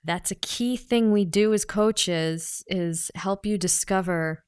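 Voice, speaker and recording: A woman's voice: mid-range voice, slow, clear, resonant tone, no echo, studio quality. A woman, a personal coach, talking casually to the camera, reading questions aloud and thinking through her answers with frequent laughs and asides.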